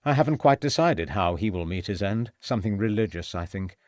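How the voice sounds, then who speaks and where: Male reader doing the audiobook villain: deep, sneering, menacing gentleman, dry studio sound. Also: lively intonation, fairly quick, no room sound, close to an everyday voice. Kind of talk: audiobook character voice.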